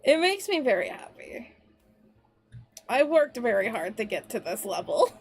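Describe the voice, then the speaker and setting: A young woman streamer talks casually to her chat in a high voice. She speaks slowly and drifts, trailing off with fillers and restarting her sentences as she goes. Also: very animated, gravelly. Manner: chatty, scattered, many fillers and restarts. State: tearful and laughing.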